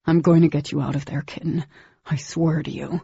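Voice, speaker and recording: A woman's voice: low-pitched, level tone, fairly quick, creaky, warm tone, husky, dry recording, highs cut off, heavily acted. A woman voicing a cocky, wisecracking young alien hero. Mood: intense.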